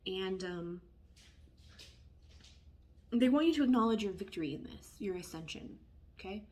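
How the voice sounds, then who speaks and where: A woman giving a casual tarot reading, chatty and expressive, who often drops into hushed asides. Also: medium pitch, moderate pace. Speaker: tarot reader.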